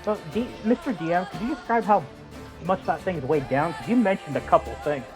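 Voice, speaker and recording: A man's voice: high voice, fairly quick, music in the background. A man playing a tabletop game, eager and chatty, asking the game master questions and cheering his friends on. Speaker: player. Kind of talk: casual tabletop play.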